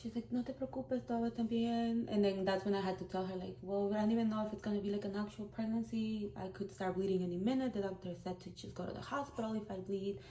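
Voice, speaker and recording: A woman's voice: mid-range voice, steady tone, fast talker, few pauses, dark tone, a little hiss or hum. A woman in her thirties, a vlogger, telling a personal story in a candid, heartfelt, conversational way. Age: 30s. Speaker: vlogger, single mom. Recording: roomy echo.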